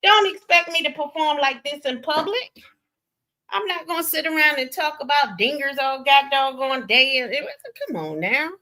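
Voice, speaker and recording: A young woman with a Southern American accent hosting a casual gossip stream, animated and laughing often, swinging between loud and soft. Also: high voice, moderate pace. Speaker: stream host.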